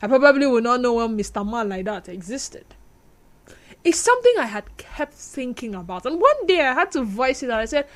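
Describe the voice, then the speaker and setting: A high-pitched Nigerian woman hosts a radio talk show from the studio. She speaks into a studio microphone in a chatty, expressive way, acting out little scenes and laughing at herself as she talks. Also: fairly quick.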